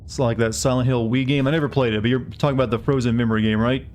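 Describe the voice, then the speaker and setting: A man's voice: medium pitch, fairly even intonation, rapid-fire, darkish tone, a little hiss or hum. A male streamer giving casual, rambling gameplay commentary while chatting with viewers. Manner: chatty, rambling, many restarts.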